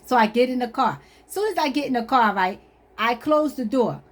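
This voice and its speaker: A woman vlogger telling a personal story in an animated, emphatic way, often laughing at herself. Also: on the high side, a little fast. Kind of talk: storytelling testimony.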